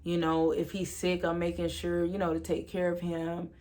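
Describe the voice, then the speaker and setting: A woman's voice: fairly low pitch, completely flat delivery, moderate pace, dark tone. A woman speaking candidly and emphatically in a casual, heartfelt conversation as a podcast co-host.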